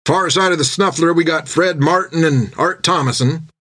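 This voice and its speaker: A man voicing a burly, gruff sea captain who talks in a folksy rough sailor's dialect, raised above his own pitch. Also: moderate pace, a bit bright. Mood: gruff command.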